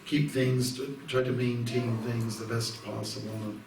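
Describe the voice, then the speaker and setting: A man from Canada, a monk, gives an informal devotional talk, telling stories in a rambling way full of fillers and restarts. His voice is gravelly and sits at a middle pitch. He is recorded from a distance in an echoey hall, with faint noise behind him. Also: flat delivery, a little slow, a little mellow. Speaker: monk giving an evening talk.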